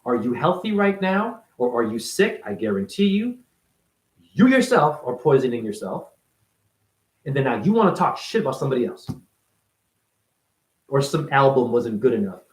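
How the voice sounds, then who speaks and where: A man's voice: mid-range voice, big pitch swings, moderate pace, long pauses. A man delivering a profane, confrontational monologue as a self-styled spiritual teacher, firing rhetorical questions at the listener. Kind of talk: ranting monologue to camera. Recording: roomy echo.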